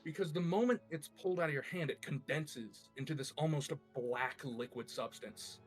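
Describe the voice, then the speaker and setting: A man narrating a tabletop game as game master, animated and descriptive. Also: fairly high pitch, moderate pace, soft background music.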